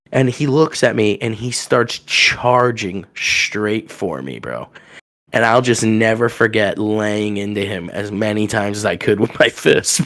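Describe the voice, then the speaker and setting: A young man from telling a rowdy story on a podcast, acting out the people in it with loud raised voices. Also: medium pitch. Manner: animated, acts out quotes with loud raised voices. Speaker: podcast guest telling stories. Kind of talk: casual storytelling.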